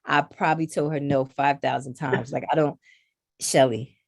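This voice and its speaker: Middle-aged woman, low and gravelly, animated storyteller, casual podcast guest. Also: normal speed, dry recording, clean studio sound. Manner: animated storyteller who acts out others' lines. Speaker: podcast guest, knitting designer. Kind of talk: casual conversation.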